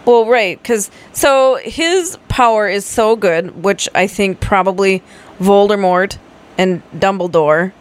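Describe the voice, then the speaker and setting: A woman's voice: mid-range voice, slow pace. A woman co-hosting a casual book club podcast, thinking aloud and often restarting her sentences. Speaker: podcast co-host.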